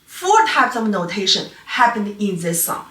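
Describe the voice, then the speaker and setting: A woman's voice: mid-range voice, very animated, a little slow, a bit bright, far from the mic. A female piano teacher whose first language is Chinese, giving a patient, explanatory online lecture on playing technique. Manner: patient, explanatory, non-native phrasing. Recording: echoey room, voice a bit off-mic.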